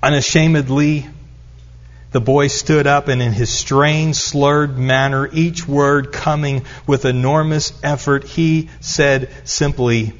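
A man's voice: mid-range voice, fairly even intonation, slow pace. A middle-aged man preaching a sermon, telling stories and building up to emphatic repetition. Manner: storytelling, rising to emphatic repetition. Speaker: pastor. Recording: dull lo-fi recording.

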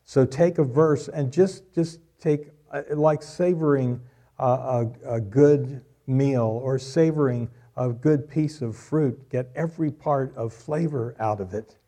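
A man's voice: mid-range voice, takes it slowly, dark tone. A middle-aged man preaching a sermon, repeating key lines for emphasis and joking with the congregation. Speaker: pastor.

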